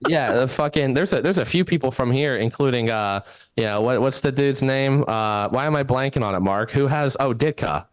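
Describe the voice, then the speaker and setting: A man's voice: medium pitch, normal speed, smooth, no echo. A man in his thirties from southwestern Pennsylvania doing a rambling, self-deprecating stand-up set into his laptop. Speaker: stand-up comedian.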